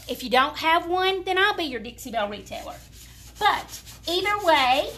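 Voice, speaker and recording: A woman's voice: very high-pitched, fairly bright tone. A woman with a Southern US accent giving a chatty, folksy live demonstration of furniture painting, talking straight to her viewers. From American South.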